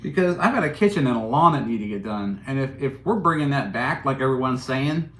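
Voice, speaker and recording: A man runs a casual livestream, answering viewers' comments one after another. He jokes and rambles, often breaking into a chuckle. His voice is mid-pitched and rings in a roomy, echoing space. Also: fairly quick, a bit bright. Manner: joking, rambling, chuckling while reading chat. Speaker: livestream host. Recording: roomy echo.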